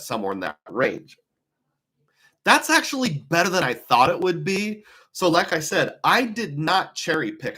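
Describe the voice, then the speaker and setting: A man talks casually to his viewers, thinking out loud and posing one rhetorical question after another. His voice sits a bit on the high side. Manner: musing, asks many rhetorical questions. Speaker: travel rewards commentator. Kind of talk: casual live talk to viewers.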